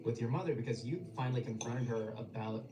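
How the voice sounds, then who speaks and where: A man's voice: medium pitch, fast. A male host in a casual interview chat, giving short backchannels and asking probing personal questions. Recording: echoey, distant, noisy room.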